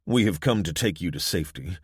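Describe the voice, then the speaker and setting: A man's voice: sits low, lively intonation, a little fast, slightly rough, no echo, studio quality. A male narrator voicing a formal, preachy male religious recruiter in an audiobook, speaking in a stilted way.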